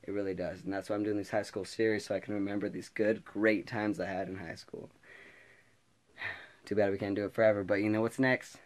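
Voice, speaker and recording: A teenage boy spins a casual story from his school days, with a fairly low voice. He rambles, restarts and laughs as he talks to his viewers. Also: brisk. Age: teens. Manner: rambling, laughing, animated retelling. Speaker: vlogger.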